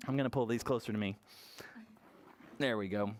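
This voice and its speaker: A librarian leading toddler story time, an animated, encouraging woman who reads aloud and asks the children questions. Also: extremely low pitch, brisk, a little hiss or hum. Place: public library.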